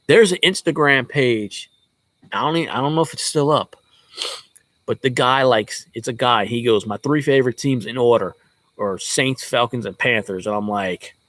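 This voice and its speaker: A man ranting loosely about sports, swearing freely and cracking jokes as he drifts from one thought to the next. His voice sits at an ordinary pitch, and it sounds close and dry with no room echo. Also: moderate pace, a bit bright. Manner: profane, joking, rambling. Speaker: sports fan vlogger. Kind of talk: casual rambling rant.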